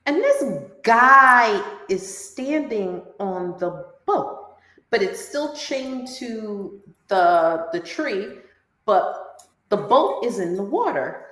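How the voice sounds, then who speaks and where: A woman's voice: mid-range voice, takes it slowly, reverberant. A woman co-hosting a podcast in casual chat, telling stories and acting out both sides of the dialogue. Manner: animated storyteller acting out dialogue. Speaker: podcast co-host.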